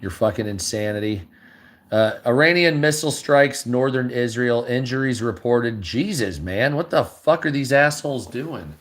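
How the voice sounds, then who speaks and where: A man's voice: medium pitch, moderate pace. A tired man giving blunt, heavily profane reaction commentary while reading news headlines aloud. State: tired, low energy.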